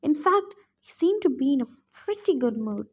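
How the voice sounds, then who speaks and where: A woman reading a novel aloud, expressive first-person narration. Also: high voice, moderate pace. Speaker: audiobook reader.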